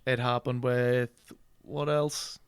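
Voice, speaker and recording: A man co-hosting a casual film podcast. He talks in halting bursts with lots of restarts and frequent laughter. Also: mid-range voice, little pitch movement, clean tone, no echo, clean studio sound. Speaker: podcast co-host.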